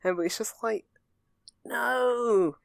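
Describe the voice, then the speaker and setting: A young adult chats on a podcast at a middling pitch. The talk rambles earnestly, looping through fillers and restarts. The sound is dry and close. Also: slow, creaky, dry recording. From England. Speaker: podcast co-host. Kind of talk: casual chat.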